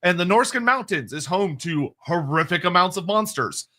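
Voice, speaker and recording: A co-host on a livestream answers chat questions in a casual lore discussion. His voice is bright, high, and expressive, and he talks quickly, digressing, laughing, and correcting himself.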